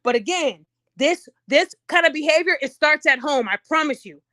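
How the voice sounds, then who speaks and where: A woman's voice: sits high, normal speed, very noisy. A woman hosting a podcast, chatting casually and animatedly to her audience. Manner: animated, talks to audience, acts out voices. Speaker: podcast host. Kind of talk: casual commentary.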